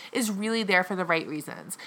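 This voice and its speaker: A woman's voice: on the low side, animated, fairly quick, fairly bright tone. A woman co-hosting a casual podcast chat, talking in a chatty, dramatic way with lots of "like.". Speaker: co-host.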